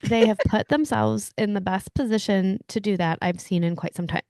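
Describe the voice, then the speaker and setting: A woman's voice: medium pitch, moderate pace, gravelly, a little mellow, no room sound, studio quality. A woman co-hosting a podcast, chatting casually in a wry, guarded, matter-of-fact way. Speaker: podcast co-host. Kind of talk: casual chat.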